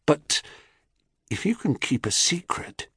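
Brief: male reader playing a gentle, trusting young woman, raised voice, polite and hesitant, dry studio sound. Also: on the high side, big pitch swings, slow, breathy edge, no echo, pitched above the performer's own voice, full character voice. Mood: earnest.

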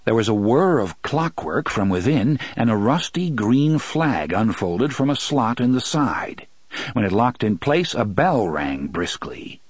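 A man narrating a novel as an audiobook, expressive and switching voices for characters. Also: mid-range voice, unhurried, husky, dry recording. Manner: expressive storytelling, many voices. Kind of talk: scripted narration.

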